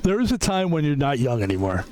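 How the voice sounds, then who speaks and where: A man's voice: fairly high pitch, sing-song, fast, a little mellow. A middle-aged man streaming a poker game, chatting in a rambling, self-correcting way and swearing casually. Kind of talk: casual chat while playing poker.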